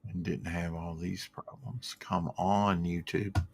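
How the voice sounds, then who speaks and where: A man's voice: deep voice, little pitch movement, slow pace, gravelly, a little hiss or hum. A man hosting a casual livestream show, rambling about comics and reading viewer comments aloud from home. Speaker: podcast host.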